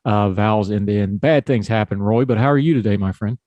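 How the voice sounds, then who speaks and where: A man's voice: fairly low pitch, a little fast, darkish tone, no room sound, lo-fi sound. A man with a Southern US hillbilly accent hosting a podcast, talking politics in a folksy, conversational way. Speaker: podcast host. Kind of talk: casual political talk.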